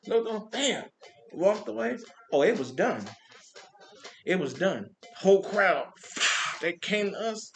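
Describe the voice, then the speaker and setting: A man who works as a street performer, telling animated stories from a parade in a casual monologue, with vocal sound effects. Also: high-pitched. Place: Compton.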